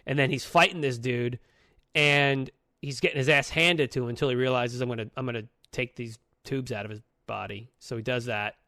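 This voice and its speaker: Animated, profane man on a dry mic. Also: no room sound. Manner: animated, profane retelling with quick pitch jumps. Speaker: podcast co-host. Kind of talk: casual podcast chat.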